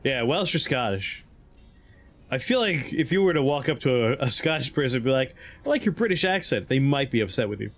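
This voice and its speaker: A streamer with a medium-pitched, very animated voice gives brisk, casual let's-play commentary while playing a video game. He jokes around and sometimes slips into silly voices, with game music playing behind him.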